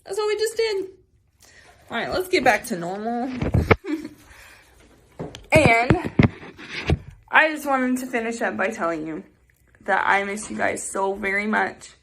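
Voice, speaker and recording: Slow-talking cheerful woman teacher. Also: on the high side, sing-song, very noisy. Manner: chatty, cheerful, says y'all. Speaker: music teacher. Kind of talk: remote music lesson for children.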